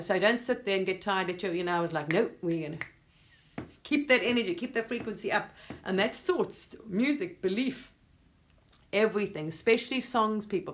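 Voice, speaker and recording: Woman, medium-pitched, casual rambling monologue to camera, emphatic with loose swearing. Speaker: spiritual vlogger. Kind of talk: casual spoken monologue to viewers.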